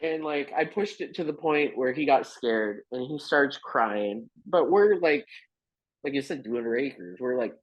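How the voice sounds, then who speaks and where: A man's voice: medium pitch, lively intonation, unhurried. A man chatting as a podcast guest, telling rambling stories with lots of fillers and frequent laughs. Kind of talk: casual storytelling chat. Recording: muffled lo-fi podcast audio.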